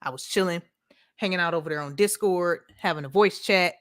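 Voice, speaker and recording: Chatting briskly in a voice on the low side, a U.S. woman hosts a casual live stream, calling out viewers by name and laughing frequently in an upbeat, slangy manner. The sound is clean studio quality with no echo.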